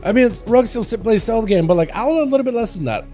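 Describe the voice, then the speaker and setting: A man from Russia, streaming and casually chatting with viewers, then giving brisk play-by-play commentary on game duels, sometimes stumbling over his words. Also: very high-pitched, expressive, warm tone, faint music behind.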